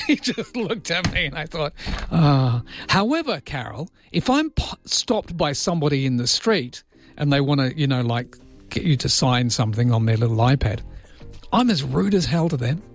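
A man's voice: on the high side, lively intonation, moderate pace, faint music behind. An Australian man hosting early-morning radio, chatting about listener texts and reading the newspaper front pages in a self-deprecating, jokey way. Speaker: radio host. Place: radio studio. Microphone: close studio microphone.

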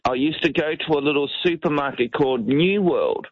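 A man's voice: fairly high pitch, brisk, dry recording, dull audio. A man from New Zealand chatting casually on air and telling easygoing stories.

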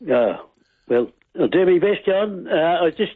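A man calling in to a radio show, husky and rambling, stumbling over his words through a tinny phone line. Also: high voice, expressive, measured pace, dry recording. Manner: rambling, many restarts and stammers. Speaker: caller. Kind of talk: phone-in chat and joke telling.

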